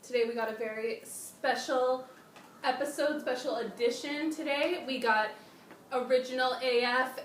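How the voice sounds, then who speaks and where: A woman hosting a casual chat with a guest, slangy and excitable, often trailing off and restarting. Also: high-pitched, normal speed, recorded from a distance. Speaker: channel host. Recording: echoey room, off-mic, faint noise.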